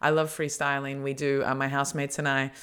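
Bright-toned lady hosting a podcast, blunt and jokey, just chatting. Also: rumbling low, little pitch movement, a little fast, smooth. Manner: blunt, joking, laughs often. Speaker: podcast host. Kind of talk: casual chat.

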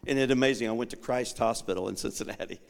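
A man preaching a sermon as a guest bishop, telling a personal story with acted-out dialogue that swings from quiet asides to shouted proclamation. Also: mid-range voice, fast, vocal fry. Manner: dramatic storytelling, acting out dialogue. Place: church sanctuary. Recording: long reverb of a large sanctuary.

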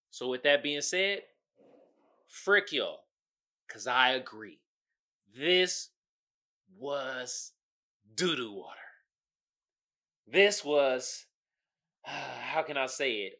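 A man hosting a casual solo podcast in African American Vernacular English, slangy and profane, swinging between muttered asides and loud outbursts. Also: high-pitched, expressive, a little slow, pauses often. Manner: slangy and profane, keeps asking "you feel me?". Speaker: podcast host.

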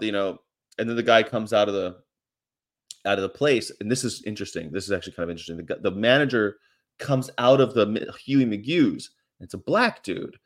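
A man's voice: on the low side, a little fast. Rambling, wry man telling a story. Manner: wry, self-mocking, acts out quotes in raised voices; restarts and trailing fillers. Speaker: vegan activist vlogger.

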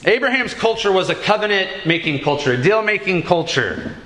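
Animated high-voiced male preacher. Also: reverberant, a little hiss or hum. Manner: animated storytelling preacher with dramatic pauses. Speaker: pastor. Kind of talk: sermon.

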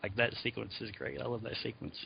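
A man's voice: fairly low pitch, lively intonation, quick pace, creaky, slightly rough. Laughing man on a lo-fi podcast. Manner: laughs often while recounting scenes. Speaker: podcast co-host. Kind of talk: casual chat. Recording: dull lo-fi audio.

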